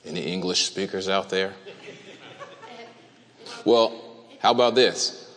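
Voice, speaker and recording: A man preaching a sermon to a congregation, speaking deliberately and asking them questions. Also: low-pitched, fairly bright tone. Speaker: pastor. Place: church hall. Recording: reverberant church hall.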